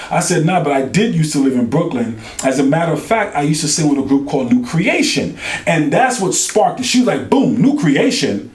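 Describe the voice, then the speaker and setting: Animated New man telling a story. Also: fairly high pitch, fairly quick, roomy sound. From New York. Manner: animated, acts out quoted dialogue with colloquial slang. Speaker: podcast co-host. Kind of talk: casual storytelling chat.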